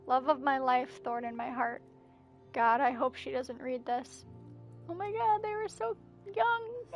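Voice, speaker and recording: A woman streaming a game and reading its messages and journal entries aloud as narration, with breathless asides. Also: high voice. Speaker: gameplay streamer. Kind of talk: reading game texts aloud during a playthrough.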